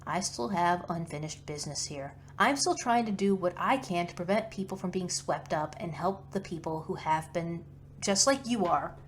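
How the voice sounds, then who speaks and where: Woman playing a headstrong young noble girl, earnest, gets loud and pleading, low-ish voice. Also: animated, normal speed, slight background noise, natural voice. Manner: pleading, then shouting.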